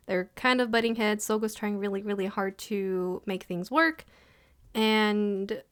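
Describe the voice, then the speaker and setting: A young woman gushes through an anime episode review, piling up "like" and swinging into loud excited bursts. Her voice sits at an ordinary middle pitch. The sound is close and dry, with no room around it. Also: no echo. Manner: gushing, excitable, heavy use of "like". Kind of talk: casual video review.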